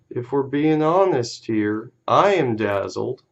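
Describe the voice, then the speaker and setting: A man's voice: mid-range voice, slow, creaky, few pauses, lo-fi sound. A man casually talking through a card game on a live stream, laid-back and easily amused, with casual swearing.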